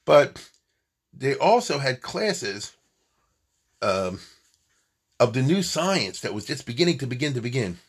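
Husky-voiced man lecturing. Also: mid-range voice, sing-song, measured pace, long pauses. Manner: chatty, digressive, often checks in with listeners. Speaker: lecturer on Jewish history. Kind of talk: informal classroom lecture.

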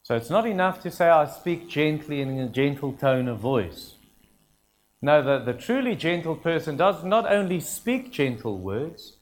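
A man preaching a sermon in an earnest, emphatic way, repeating his key phrases. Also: fairly high pitch.

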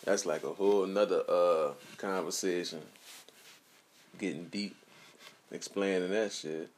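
Laid-back low-voiced man co-hosting. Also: fairly even intonation, unhurried. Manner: laid-back, slangy, chuckles often. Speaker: podcast co-host. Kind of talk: casual late-night chat.

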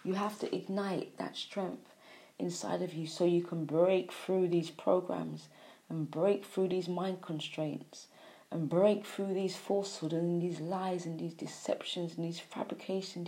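A woman with a lowish, mellow voice giving a spiritual monologue. She preaches in repeated phrases, dropping to near-whispers and then pushing out loud emphatic lines. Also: steady tone, unhurried. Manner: repetitive, preachy, with sighs and emphatic swings in loudness. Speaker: spiritual speaker.

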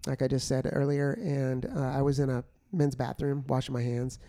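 A man's voice: medium pitch, steady tone, normal speed, mellow, dry recording, studio quality. A man co-hosting a casual, faith-based podcast chat, earnest and easygoing, with filler words. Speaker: podcast co-host.

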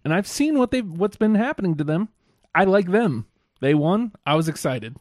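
A man co-hosting a casual podcast about wrestling, talking with enthusiasm and bursting into excited quotes. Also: high voice, normal speed, dry recording, studio quality. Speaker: podcast co-host.

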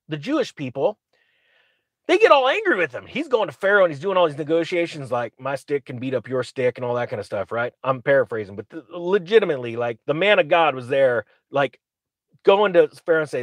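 A man's voice: fairly high pitch, big pitch swings, a little fast, no room sound. A man giving opinionated commentary, sarcastic, often acting out quotes in mocking voices.

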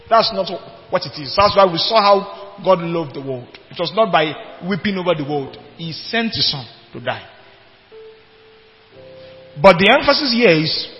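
A man preaching a sermon, emphatic, repeating his points and asking the congregation if they follow. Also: sits high. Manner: emphatic, asks the congregation questions, repeats phrases. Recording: dull long hall reverb with faint music.

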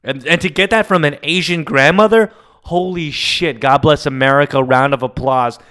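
A man hosting a solo comedy podcast, telling stories in a rambling, profane way with sudden loud bursts. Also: fairly high pitch, moderate pace. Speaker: podcast host. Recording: audio-only podcast mic.

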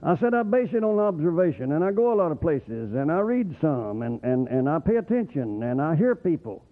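Animated country preacher on tinny radio. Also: male voice, a little high, a little fast. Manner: animated, rambling, rising to excited whoops. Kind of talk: folksy sermon. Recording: tinny phone-like radio broadcast.

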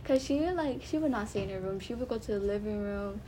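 A woman's voice: medium pitch, fast, warm tone, a little hiss or hum. A young woman co-hosting a podcast in casual chat, telling her stories by quoting what others said. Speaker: podcast co-host.

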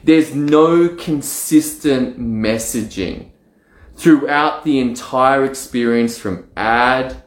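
Male coach, mid pitch, lively self-talk, roomy recording. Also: slow. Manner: energetic, acts out excited self-talk. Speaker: marketing coach. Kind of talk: solo direct-to-camera talk. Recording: roomy echo.

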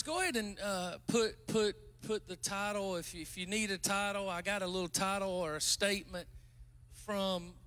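A male preacher with a high, bright voice, talking to the congregation like a friend over dinner. He jokes at his own expense and then breaks into loud praise. His tone stays forceful and ringing throughout. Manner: chatty, self-mocking, bursts into loud exclamations. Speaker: guest pastor. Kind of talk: casual joking sermon.

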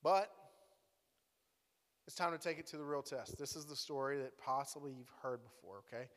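Bright-voiced man preaching in a hall. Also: mid-range voice, moderate pace. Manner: playful, conversational, dramatic. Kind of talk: lively sermon storytelling. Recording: echoey hall.

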